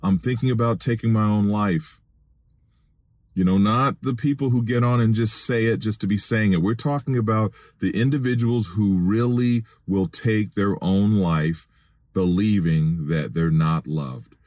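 Earnest deep-voiced man preaching in a car. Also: measured pace, darkish tone, no echo. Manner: earnest, pleading, rises to raised emphatic appeals. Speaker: podcast host and Christian minister. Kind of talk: preaching podcast monologue. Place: in a vehicle.

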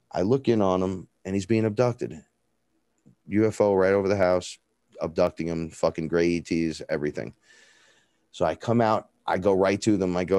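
Low-voiced man, profane rambling storyteller. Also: steady tone, moderate pace, darkish tone, no room sound, studio quality. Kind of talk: casual storytelling.

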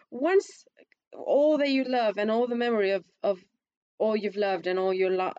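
A woman with a squeaky voice talks through her opinion of a film in a loose, conversational way. She stumbles and restarts often, and her voice climbs when she presses a point. The recording is dry and a little dull. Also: a little mellow, dry recording. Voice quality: self-described squeaky voice. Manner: hesitant, restarts often, rises in pitch when emphatic. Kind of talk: casual film review chat.

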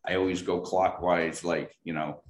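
A man's voice: low-pitched, flat delivery, normal speed, reverberant, slight background noise. A man speaking as the guest in a casual interview, rambling with lots of fillers and restarts. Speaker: guest product expert.

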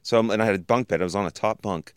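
A man's voice: on the low side, very fast, clear, resonant tone, no echo, clean studio sound. A man telling stories in a casual podcast chat, rambling and often trailing off into fillers like "you know.". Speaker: podcast co-host.

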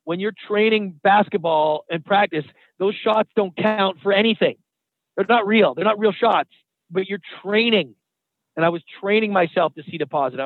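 A man with a high voice tells stories in a lively, conversational way and swears casually. He comes through a tinny, phone-like line with a dry, close sound. He talks like a guest in an interview. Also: dry recording. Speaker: guest, TV producer and trainer.

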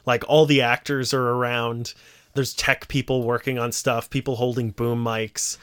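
A man's voice: mid-range voice, normal speed, clean tone. A man co-hosting a casual podcast chat, retelling scenes at length and acting out the quoted lines. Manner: animated storyteller, acts out quoted lines. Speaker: podcast co-host.

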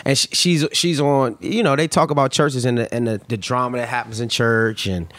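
A man's voice: mid-range voice, steady tone, moderate pace, fairly bright tone. A man telling a story on a casual podcast, acting out dialogue and swearing freely.

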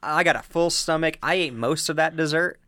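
A man's voice: on the high side, brisk, sharp tone, no echo. A young man in casual chat, chiming in with jokes and corrections to a friend's story.

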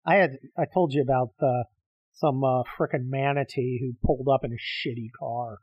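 A middle-aged man ranting solo on his own show has a mid-range, darkish voice and talks briskly, and the recording is dry. His monologue is combative, exasperated and laced with profanity.

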